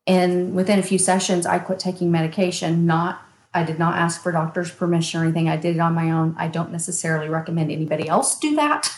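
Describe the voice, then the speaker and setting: Woman interview guest, hypnotherapist, candid and forceful storyteller; echoey room. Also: on the low side, steady tone, fast talker. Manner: frank and emphatic, with bursts of laughter. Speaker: guest, hypnotherapist and mindset coach. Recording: roomy echo.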